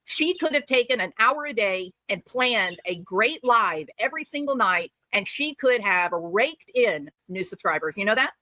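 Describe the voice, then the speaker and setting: A woman's voice: medium pitch, animated, normal speed, few pauses, pushed and bright, no room sound, low-quality recording. A woman hosting a live stream, giving angry, sarcastic commentary. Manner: sarcastic, mocking. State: furious.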